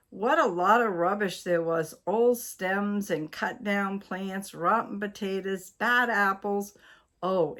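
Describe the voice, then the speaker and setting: Slow older woman reading a storybook. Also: lowish voice. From Maine, USA. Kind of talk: reading a children's story aloud.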